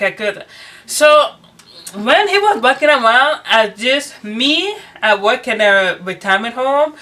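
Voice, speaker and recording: A young woman vlogger in casual storytime chat, animated and swearing as she acts out quoted dialogue. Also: medium pitch. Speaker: beauty vlogger.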